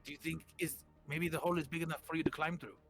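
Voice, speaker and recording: A woman playing a tabletop game, giggly and quick with cheers and quips. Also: sits low, steady tone, slightly rough, faint music behind. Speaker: player. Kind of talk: casual tabletop play.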